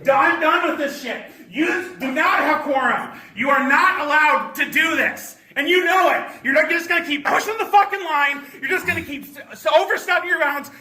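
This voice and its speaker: Shouting woman, very high bright voice. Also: normal speed, hardly any pauses, echoey room, poor audio. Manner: shouting, profane, defiant. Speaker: protester. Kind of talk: shouted protest confrontation. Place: state legislature committee room, indoors.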